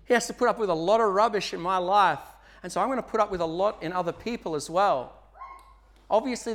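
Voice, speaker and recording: A male pastor from Australia delivers a sermon in a church. His voice sits high for a man, and his preaching is earnest and conversational, pressing hard on key points before easing back. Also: a bit bright.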